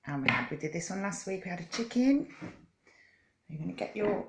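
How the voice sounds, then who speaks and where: A woman reading a picture book aloud to young children, in a gentle, coaxing way that invites them to join in, and showing simple hand signs step by step. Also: lowish voice, sing-song, a little fast, noisy background. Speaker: children's story time presenter. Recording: echoey room.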